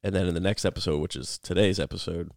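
A man in his thirties co-hosting a podcast, explaining a Bible book in a relaxed, rambling way. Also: deep voice, quick pace, vocal fry, no echo, studio quality. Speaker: podcast co-host. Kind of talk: casual Bible study chat.

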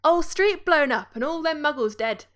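A woman's voice: high-pitched, lively intonation, normal speed, voice pushed up. British woman doing a gossipy young bus conductor. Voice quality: gossipy, storytelling.

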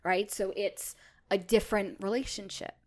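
A woman co-hosting a podcast, chatting casually and thinking out loud with enthusiasm. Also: medium pitch, steady tone, normal speed. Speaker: podcast co-host.

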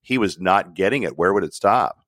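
A man's voice: deep voice, lively intonation, normal speed, fairly bright tone, no room sound, studio quality. A man hosting a radio talk show, chatting casually in an earnest way and repeating himself for emphasis.

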